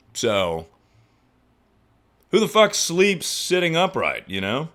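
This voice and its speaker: Young man, livestream chat, cursing, self-deprecating, medium pitch, sudden loud outbursts. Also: takes it slowly, long pauses. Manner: profane, self-mocking, swings to loud excited outbursts. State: injured, in pain. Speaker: streamer.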